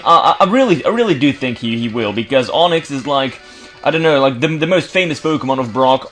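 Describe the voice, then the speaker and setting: Commentating his game in a relaxed way, this Belgian man has a fairly high, slightly bright voice. Words often come out stuttered or restarted, and he drops sarcastic jokes along the way as a let's play commentator.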